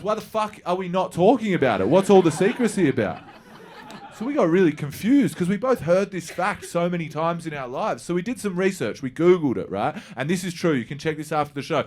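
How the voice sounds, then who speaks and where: A man, telling a rambling, profane stand-up story to a live audience. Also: a little high. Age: 30s. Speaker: stand-up comedian. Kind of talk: stand-up set. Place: comedy venue with live audience.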